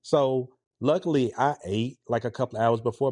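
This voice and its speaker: A man in his forties casually telling a story in an animated, conversational way. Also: mid-range voice, normal speed, no room sound. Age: 40s. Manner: animated, conversational, with a laid-back, relaxed tone.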